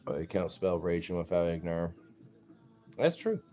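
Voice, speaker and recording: A man talking casually and profanely, rambling with fillers and restarts, sometimes jumping into high playful baby talk with his pets. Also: sing-song, normal speed, dark tone.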